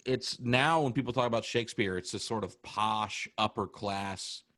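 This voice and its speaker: An American man, a comedian, chatting casually on a podcast and explaining things with animated storytelling. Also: lowish voice, normal speed, dry recording, clean studio sound. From United States. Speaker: comedian guest.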